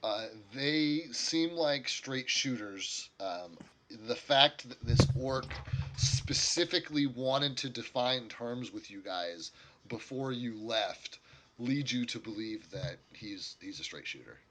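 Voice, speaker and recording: A man's voice: medium pitch, expressive, takes it slowly, a bit bright. A man narrating as game master of a tabletop game, rambling and correcting himself as he goes.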